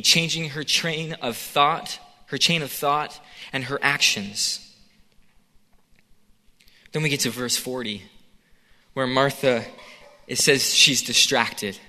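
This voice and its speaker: A man's voice: fairly high pitch, sharp tone, big-room sound. A man preaching a sermon in a conversational way, acting out the scene with quoted voices.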